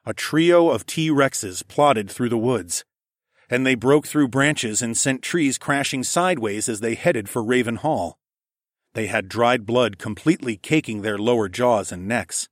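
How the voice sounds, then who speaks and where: A man narrating a first-person story in a steady, measured way. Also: medium pitch, no echo, studio quality. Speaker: audiobook narrator.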